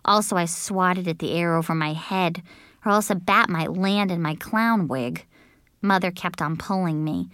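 A woman narrating a children's book in an animated, childlike first-person manner. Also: lowish voice, normal speed, no echo, studio quality. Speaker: audiobook narrator. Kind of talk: expressive storybook narration.

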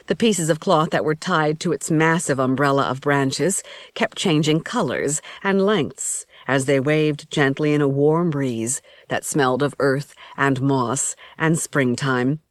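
A woman with a low voice reads a first-person novel in an even storytelling manner. The sound is dry and close to the mic. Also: unhurried, no room sound. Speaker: audiobook narrator. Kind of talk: first-person audiobook narration.

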